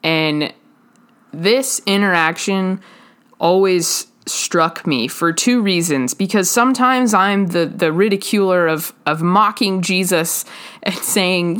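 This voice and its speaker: A woman giving a sermon in a slow, halting, earnest way, pausing often between phrases. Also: lowish voice, a bit bright, clear, resonant tone. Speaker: preacher.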